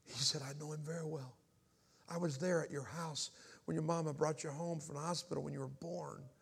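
A middle-aged evangelist from Alabama whose voice carries a gravelly edge. He tells his story from the pulpit, dropping low and hushed, then climbing into loud, impassioned cries. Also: fairly even intonation, a little fast. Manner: impassioned, swings from hushed to shouting. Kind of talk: testimony sermon.

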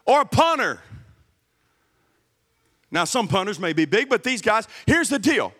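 A man's voice: sits high, very animated, unhurried, long pauses, fairly bright tone, breathy edge, in a large hall. A middle-aged man preaching a sermon, emphatic and repeating key words to the congregation. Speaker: guest pastor. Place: church sanctuary.

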